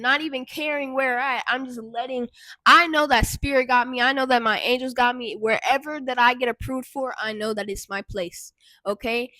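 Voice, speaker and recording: A young woman telling a casual storytime vlog, animated and swearing freely, talking straight to her viewers. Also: fairly high pitch, no echo. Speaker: vlogger and intuitive guide.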